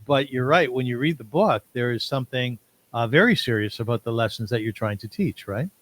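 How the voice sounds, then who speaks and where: A man's voice: medium pitch, animated, fairly quick, a bit bright. A man hosting an interview podcast, asking long eager questions and quoting from a book. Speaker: podcast host.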